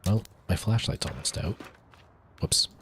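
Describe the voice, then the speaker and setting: Low-voiced male game streamer. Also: expressive, measured pace, background noise. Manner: rambling, chatty, answering chat. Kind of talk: casual live-stream chat.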